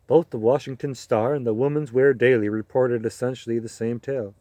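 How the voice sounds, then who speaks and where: Brief: male audiobook reader, measured delivery, warm mellow tone, dry close recording. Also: medium pitch, steady tone, no room sound. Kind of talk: audiobook narration.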